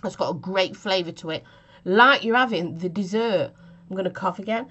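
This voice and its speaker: A woman's voice: mid-range voice, moderate pace, a bit bright, slightly rough, highs cut off. A woman chatting casually through a vape flavour review, giggly and self-mocking, with a cough from a chest infection.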